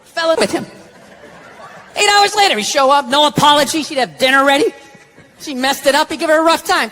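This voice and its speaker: A man's voice: very high voice, a little fast, pauses often, sharp tone, some chatter behind. A man doing stand-up comedy with a Boston accent, blunt and sarcastic, on a stage mic before a live audience. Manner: sarcastic, blunt, profane delivery.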